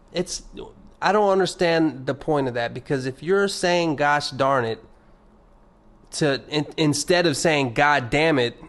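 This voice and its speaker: A young man hosting his own podcast, talking alone in a rambling, profane, sardonic way, with loud emphatic bursts and mumbled asides. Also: fairly high pitch. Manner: rambling, profane, restarts often. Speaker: podcast host. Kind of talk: casual solo podcast monologue.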